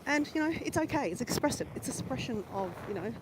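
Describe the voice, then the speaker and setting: An Australian woman chatting casually to her live-stream viewers while walking outdoors, animated and swearing freely. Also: high-pitched, fast talker, noisy background. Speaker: vlogger. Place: outdoors near a lake and bridge.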